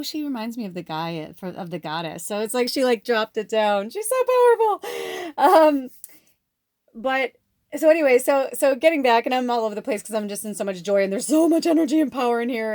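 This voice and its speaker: Chatty, rambling woman with a lowish voice. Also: darkish tone, no room sound, studio quality. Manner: rambling, effusive, frequent fillers and self-corrections; swears casually. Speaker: spiritual medium and oracle card reader. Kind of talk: casual rambling vlog monologue.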